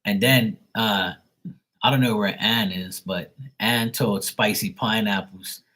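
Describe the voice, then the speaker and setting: A man's voice: on the low side, steady tone, slow, sharp tone. A man hosting a livestream, recounting chat trolls in a profane, mocking, rambling way with frequent laughter. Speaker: livestream host.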